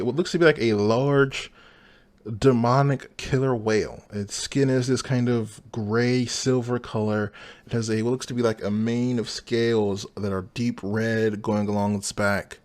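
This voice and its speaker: A man's voice: mid-range voice, darkish tone. Man narrating as game master.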